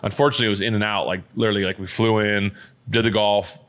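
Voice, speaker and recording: A podcast co-host talks very fast in a lowish, slightly bright voice with little pitch variation. His casual chatter rambles along, thick with fillers and restarts.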